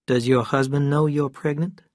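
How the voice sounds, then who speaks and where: A reader voicing a stern but kindly male country doctor, firm at times and hushed at others, in a storybook reading. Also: medium pitch, steady tone, moderate pace, dry recording, studio quality, natural voice.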